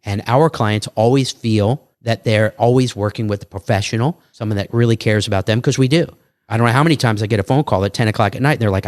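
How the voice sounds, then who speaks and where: A man, an entrepreneur guest on a podcast, talking casually in animated salesman patter and acting out dialogue. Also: fairly low pitch, no echo. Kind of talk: casual interview talk.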